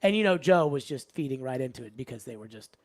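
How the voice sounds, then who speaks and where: A man hosting a sports talk radio show, opening loudly and dropping into quick asides. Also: mid-range voice. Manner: energetic, shifts from loud openings to quick asides.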